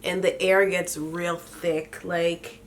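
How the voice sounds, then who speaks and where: A young adult woman hosting a casual comedic recap, sassy and animated, laughing often between lines. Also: fairly low pitch. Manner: laughs often, sassy and animated, does quick mock voices. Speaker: podcast host recapping a reality show.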